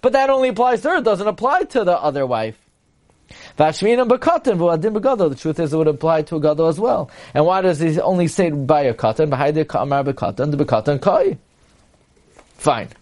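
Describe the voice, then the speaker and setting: A man teaching a Talmud class, reading Aramaic lines and explaining them with lively retelling. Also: a little high, brisk. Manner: reads Aramaic then explains in English, animated.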